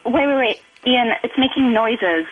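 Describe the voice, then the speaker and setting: A woman's voice: on the high side, lively intonation, unhurried. A woman on a phone call, flustered and hesitant, stumbling over her words. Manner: flustered, hesitant, full of restarts. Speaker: radio listener pranking her boyfriend. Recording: tinny phone line.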